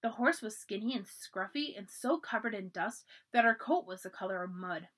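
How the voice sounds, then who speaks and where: A woman reading a children's storybook aloud for a library, with expressive, animated narration. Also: mid-range voice, normal speed.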